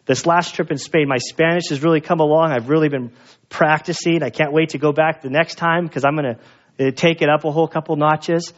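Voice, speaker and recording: A male pastor with a fairly high voice delivers a sermon in a loose, chatty storytelling manner. The recording sounds somewhat dull and lo-fi, with a muffled top end. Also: fairly even intonation, brisk. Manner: casual storytelling, conversational with fillers.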